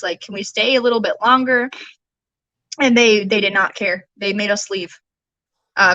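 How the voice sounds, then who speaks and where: Young mom telling what happened, bright voice, dry close sound. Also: female voice, medium pitch, dry recording, low-quality recording. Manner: earnest, retelling events with quoted dialogue. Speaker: guest, bereaved mother. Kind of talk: personal testimony in a podcast conversation.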